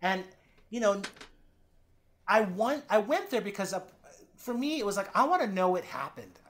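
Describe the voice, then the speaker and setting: A man appears as a guest on a podcast interview, telling candid personal stories at a normal speed. He swings between loud, animated bursts and low, quiet stretches, swearing freely and acting out what other people said.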